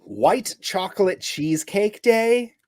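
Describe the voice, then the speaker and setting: Animated young man co-hosting a podcast. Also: high-pitched. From Long Island, New York. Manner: animated, laughs often, quick storytelling. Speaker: podcast co-host. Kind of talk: casual chat. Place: home room.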